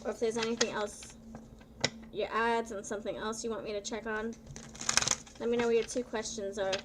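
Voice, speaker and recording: A woman tarot reader chatting live with her viewers, bubbly and playful, often excited and drawing her words out. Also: a little high, brisk, very noisy. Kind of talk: casual live-stream chat with viewers.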